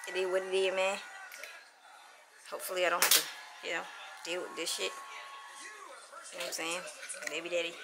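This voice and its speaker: Blunt, profane woman vlogger. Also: medium pitch. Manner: animated storytelling, blunt and profane. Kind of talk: casual vlog chat. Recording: loud background noise.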